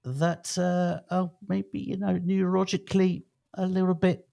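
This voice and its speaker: A man's voice: high voice, little pitch movement, a little slow, gravelly, dark tone. A man in his fifties co-hosting a podcast, chatting casually in a rambling, jokey way that keeps interrupting itself. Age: 50s. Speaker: podcast co-host. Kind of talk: casual chat.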